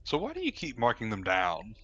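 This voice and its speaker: A man's voice: on the low side, wildly swooping pitch, fairly quick, bright, forceful tone, dull audio. A man playing in a tabletop role-playing game, curious and full of questions. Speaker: player. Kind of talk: casual tabletop role-play.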